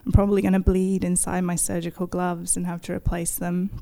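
A woman's voice: lowish voice, flat delivery, fairly quick, gravelly, dark tone. Woman telling a vivid true story. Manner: vivid, self-deprecating, present-tense narration with laughs. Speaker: neuroscientist telling a personal story. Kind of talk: first-person storytelling to an audience.

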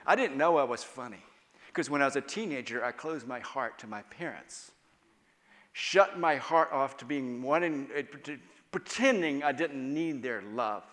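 A man preaching a sermon at a conference, animated, moving between loud emphatic passages and hushed, quiet ones. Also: mid-range voice, moderate pace. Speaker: guest speaker. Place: church hall at a conference. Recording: long reverb of a large hall.

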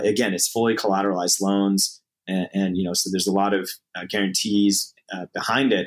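A man with a fairly low voice answers interview questions in a relaxed, conversational way. He hesitates often, restarting phrases and filling pauses as he thinks aloud. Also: breathy edge, low-quality recording. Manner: hesitant, many fillers and restarts. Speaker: interview guest, startup co-founder. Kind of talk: casual interview talk.

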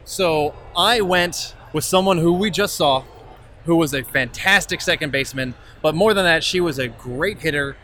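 A man's voice: fairly high pitch, moderate pace, sharp tone, slight background noise. A man co-hosting a podcast live at a comic convention, chatting casually, joking, laughing and swearing. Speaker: podcast co-host. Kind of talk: casual chat, reviewing and drafting.

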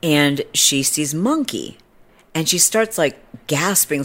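A woman's voice: low-pitched, very animated, slow, a bit bright. Brief: woman podcast host, casual storyteller, snarky and chatty.

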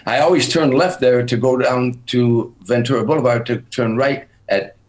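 A man's voice: medium pitch, normal speed, poor audio. An older man, a comedian guest, telling stories in casual chat and acting out the people he quotes. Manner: animated storyteller, acts out quoted people.

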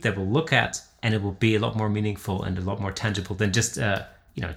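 A man's voice: fairly low pitch, sharp tone. A man in casual conversation, rambling, with many restarts and fillers. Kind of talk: casual chat.

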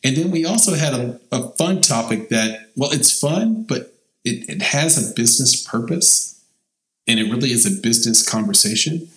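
A man's voice: medium pitch, expressive, moderate pace, fairly bright tone, roomy sound, rough recording. A man co-hosting a casual podcast chat, talking emphatically and stretching key words. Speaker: podcast co-host.

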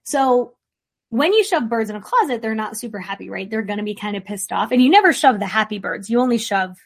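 A woman therapist hosts her podcast in a loose, chatty way. She is blunt and swears freely, and her voice sits a little high as she tosses off playful asides. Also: lively intonation, a little fast. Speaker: licensed therapist, podcast host. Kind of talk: casual podcast monologue.

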